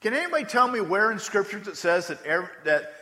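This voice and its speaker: A man's voice: high voice, sing-song, fairly quick, pushed and bright. A man preaching a sermon as pastor, talking conversationally and repeating words for emphasis. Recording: long hall reverb.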